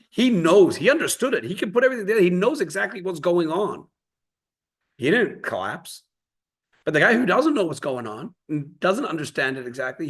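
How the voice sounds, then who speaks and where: A man's voice: on the high side, vocal fry, slightly rough. A man teaching a Torah class in a conversational way, explaining ideas through stories and everyday examples. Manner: conversational, storytelling with quoted voices.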